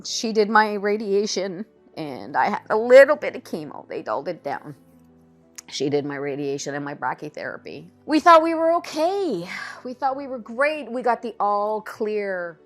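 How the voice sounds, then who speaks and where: A middle-aged woman candidly telling her own story as a cancer patient, in a conversational personal testimony. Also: medium pitch.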